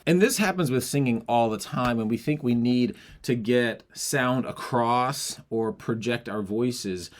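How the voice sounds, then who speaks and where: A man's voice: medium pitch, a little slow, few pauses. A male voice teacher explaining how breath affects the larynx, breaking into short sung and spoken demonstrations. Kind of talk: singing lesson.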